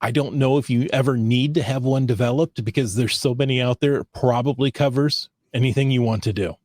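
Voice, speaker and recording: A man's voice: medium pitch, fairly quick, darkish tone, dry recording, clean studio sound. A man hosting a casual podcast chat, talking loosely with restarts and easy laughter. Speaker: podcast host.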